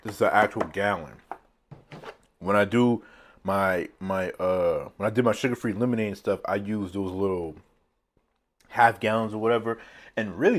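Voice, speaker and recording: Low-voiced man rambling through a meal. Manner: rambling, chuckles often at his own remarks. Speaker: mukbang vlogger. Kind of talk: casual chat while eating. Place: seated indoors at a meal. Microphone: phone on a tripod.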